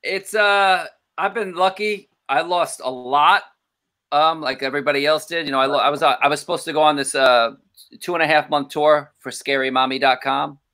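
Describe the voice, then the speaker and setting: A man in his thirties sits in on a casual podcast chat as a comedian guest. His voice is bright and fairly high, and he acts out lively quoted voices as he tells his stories. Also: moderate pace. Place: home, remote call.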